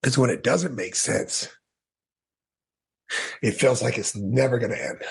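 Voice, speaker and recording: A man guest on a podcast telling a candid personal story in an animated way, acting out his own past thoughts with restarts and quick laughs. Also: medium pitch, creaky, breathy edge.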